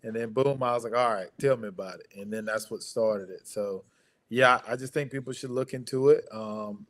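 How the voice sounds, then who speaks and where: Earnest man, mid-pitched voice. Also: normal speed. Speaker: guest, instructor and coach. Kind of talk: casual podcast chat.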